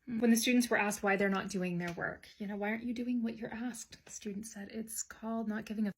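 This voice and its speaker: A woman teacher telling classroom stories to camera, wry and dry, sometimes dropping to hushed gossipy asides. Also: medium pitch, steady tone, a little fast, husky. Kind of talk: casual storytelling to camera.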